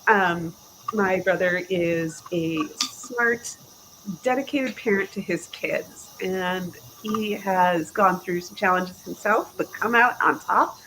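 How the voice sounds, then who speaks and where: Woman, forties, podcast guest; lively storyteller who acts out what people said, with faint hiss behind her. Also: fairly low pitch, slow pace, rough recording. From Chicago area, USA. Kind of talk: casual interview chat.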